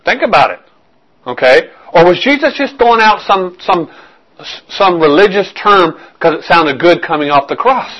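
A man's voice: high voice, animated, moderate pace, a bit bright, muffled recording. A man preaching with a slightly raised voice, earnest and searching. He asks his listeners direct questions, doubles back on his own words and pushes each point home. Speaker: pastor. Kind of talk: sermon.

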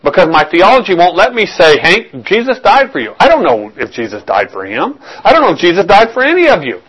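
A man's voice: sits high, huge pitch swings, quick pace, fairly bright tone, husky, low-quality recording. A man preaching with a slightly raised voice, earnest and searching. He asks his listeners direct questions, doubles back on his own words and pushes each point home. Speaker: pastor. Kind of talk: sermon.

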